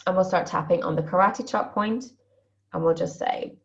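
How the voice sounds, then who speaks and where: A woman guiding a group through a tapping session, repeating phrases slowly over a video call. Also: lowish voice, muffled recording. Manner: slow, repetitive guided phrasing.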